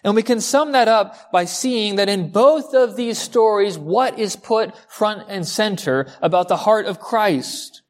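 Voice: mid-range voice, unhurried, few pauses. A pastor preaching a sermon in a conversational way, telling a story to the listeners and asking them rhetorical questions.

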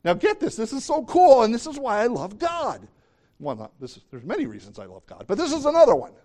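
A man preaching a sermon as pastor, talking conversationally and jumping into excited, high bursts. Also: fairly quick.

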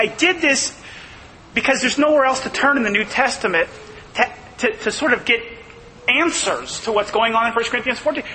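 Preacher, male, very high tone, sharp and forceful, rhetorical questions, echoey church hall. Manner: emphatic, asks rhetorical questions. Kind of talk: sermon. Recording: long hall reverb, faint noise.

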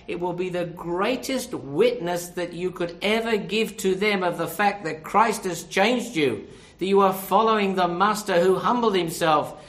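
A man's voice: sits high, echoey room. A man preaching a sermon, earnest and direct, asking his listeners rhetorical questions.

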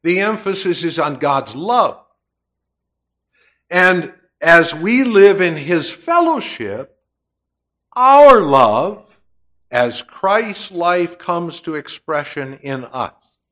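A man preaching a sermon, slow and deliberate, with emphatic swells on key words. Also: on the high side, very animated, fairly bright tone.

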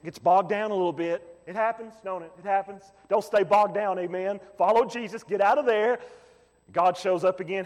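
A male pastor preaching a sermon, repeating phrases and building to shouts. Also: high voice, normal speed, big-room sound.

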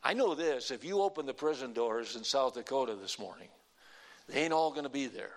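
A middle-aged man preaching a sermon, animated, dropping to a hush and then rising loud again. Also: medium pitch, brisk. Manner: animated, swings from hushed to loud. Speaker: pastor.

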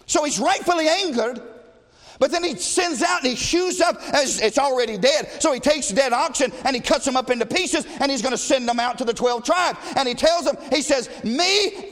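A man preaching a sermon as pastor, impassioned and rising to shouts. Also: very high-pitched, long reverb tail.

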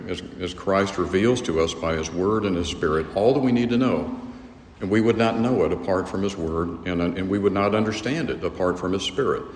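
A man teaching a theology lecture in a measured, earnest way, often restarting his phrases. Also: sits low. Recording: echoey hall, faint room noise.

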